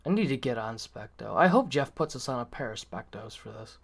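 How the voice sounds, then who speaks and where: A man's voice: medium pitch, lively intonation, a little fast, creaky, husky. A man chatting casually on a stream, laid-back, swearing often and filling with "like". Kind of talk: casual chat.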